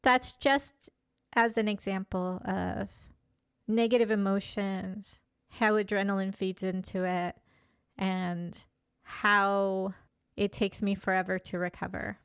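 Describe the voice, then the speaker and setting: A woman in her fifties talking candidly in a reflective personal monologue, pausing and restarting as she thinks. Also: mid-range voice, level tone, vocal fry, clean tone, dry recording, studio quality. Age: 50s. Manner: thoughtful, candid, with frequent pauses and restarts. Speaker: vlogger.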